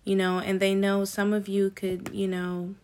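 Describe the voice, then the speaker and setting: A woman giving a casual tarot reading to her viewers, chatty and slangy with excited asides. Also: medium pitch, measured pace, a little hiss or hum. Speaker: tarot reader.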